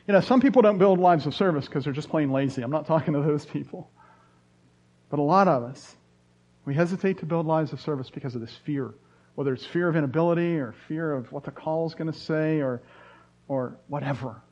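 A man's voice: a little high, expressive, brisk. Earnest male pastor preaching, lo-fi. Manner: earnest, preaching with dramatic drops to soft tones. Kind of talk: sermon.

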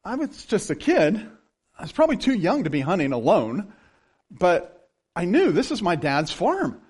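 A man preaching a sermon as pastor, telling stories in an animated way and often laughing. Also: sits high, unhurried, long pauses, husky.

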